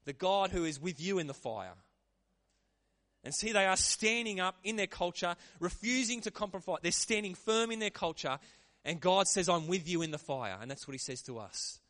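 A man preaching a sermon in a lively, conversational way. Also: high voice, moderate pace. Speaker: pastor.

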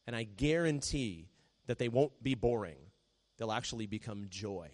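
A man preaching a sermon in a conversational way, often dropping to a soft hush when he quotes a prayer. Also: fairly low pitch, moderate pace. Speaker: pastor.

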